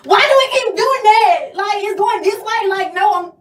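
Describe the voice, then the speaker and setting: A woman's voice: very high voice, animated, normal speed, roomy sound, recorded from a distance. A woman complaining in an exasperated way and cursing in frustration.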